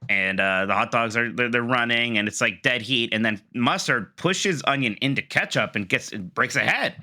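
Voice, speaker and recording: A man's voice: mid-range voice, moderate pace, bright, forceful tone. A man co-hosting a casual gaming show, telling a long story in a chatty way with dry quips. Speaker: co-host.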